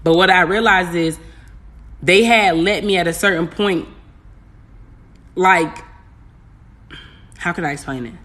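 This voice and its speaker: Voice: mid-range voice, a little slow, long pauses, a bit bright. A spiritual coach in a casual, candid talk to viewers, rambling, repeating phrases and using slang.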